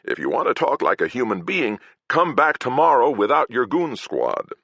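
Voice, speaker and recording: A man doing a flat, mocking old man. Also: mid-range voice, normal speed, slightly rough, no room sound, pitched above the performer's own voice, full character voice. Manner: flat, dry mockery.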